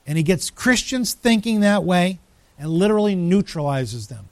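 A man preaching a sermon, emphatic, with dramatic pauses, rising lines and sudden drops to a hush. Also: high-pitched, sing-song, no echo. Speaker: pastor.

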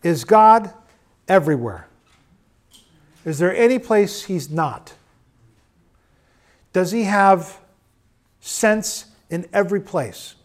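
A middle-aged man preaching a sermon, swinging between loud urging and quiet storytelling. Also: sits high, lively intonation, slow pace, long pauses.

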